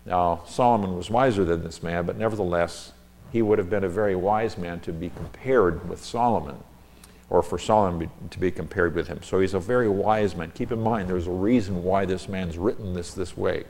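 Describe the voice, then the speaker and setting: Low-voiced man teaching scripture. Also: a little fast, darkish tone, slight background noise. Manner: reads scripture aloud with rising emphasis, then explains Hebrew terms. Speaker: Bible teacher. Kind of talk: expository Bible teaching.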